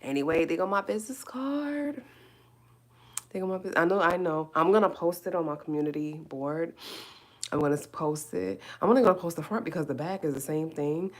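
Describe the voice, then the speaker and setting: A woman with a deep, low-pitched voice talks casually to her livestream viewers. She repeats words and phrases again and again for emphasis, and her delivery stays emotional and heartfelt. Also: a little fast. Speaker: YouTuber and painter.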